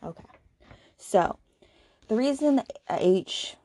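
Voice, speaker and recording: A woman's voice: fairly high pitch, slow, dry recording. Chatty woman ranting about a book. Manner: animated, chatty, many fillers like "like" and "okay". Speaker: podcast host. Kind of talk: casual book review rant.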